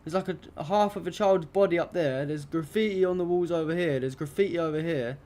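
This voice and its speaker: A young man hosts a live stream, talking over pictures he shows in a loose, rambling way. His voice sits a little high, and his indignation comes out in constant swearing. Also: brisk, mellow. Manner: indignant, heavily profane, rambling. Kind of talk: live stream commentary on news images.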